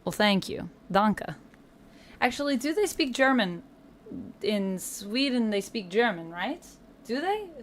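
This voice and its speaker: A woman's voice: on the high side, very animated, takes it slowly, slight background noise. A woman streamer chatting casually on a livestream, thinking aloud and asking herself questions as she goes.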